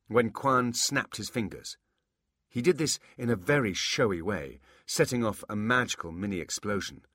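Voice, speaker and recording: A man narrating a fantasy audiobook with expressive, scripted storytelling on a close mic. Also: on the low side, normal speed, no room sound.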